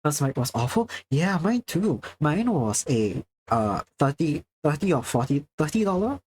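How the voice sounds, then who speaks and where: A man's voice: on the high side, very animated, moderate pace, a little mellow, a little hiss or hum. A young man from Singapore with a Singaporean accent, chatting casually on a livestream with careful, precise enunciation and a projected presenter's delivery. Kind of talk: casual chat while drawing, answering chat.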